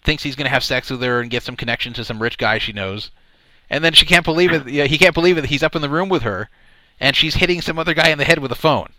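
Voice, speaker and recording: A man with a bright, forward voice hosts a radio talk show, spinning a rambling anecdote and stumbling over repeated words. The sound is close and dry with almost no room. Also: a little high, fast talker, no echo. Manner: rambling, repeats words, laughs at his own story. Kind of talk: casual storytelling chat.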